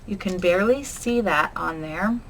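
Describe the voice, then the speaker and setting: Her voice sits fairly low and she talks at a normal speed as she hosts her crafting channel. While working she keeps up casual chatter, humming and muttering to herself, over noticeable background noise.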